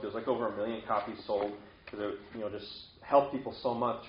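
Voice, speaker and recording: A man's voice: mid-range voice, a little hiss or hum. A man preaching a casual, conversational sermon, now and then acting out animal voices. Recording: roomy, slightly dull sound.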